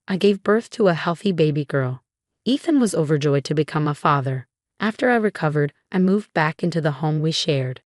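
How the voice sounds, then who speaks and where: A woman telling a first-person story in an even, steady read. Her voice sits low and sounds dry and close, with no room around it. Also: dry recording. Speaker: narrator.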